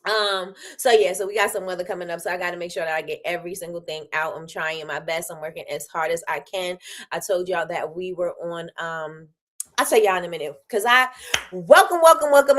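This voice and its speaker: A tired woman hosting a daily live show, chatting casually and animatedly, with sudden high exclamations. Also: a bit bright. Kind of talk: casual livestream chat.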